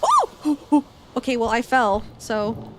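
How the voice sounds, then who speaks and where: A young woman streams a game and chats casually through it, joking, swearing, and breaking into squeals and giggles. Her voice is a little high and a little slow, and the audio is very noisy.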